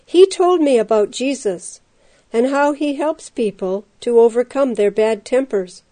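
A woman doing a calm, gentle prisoner. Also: a little high, measured pace. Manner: quiet, calm, earnest. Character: calm, gentle male prisoner, soft-spoken and devout.

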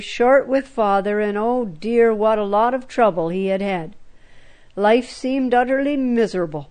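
A woman reading a children's Bible story aloud in a gentle, measured storytelling manner. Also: on the high side.

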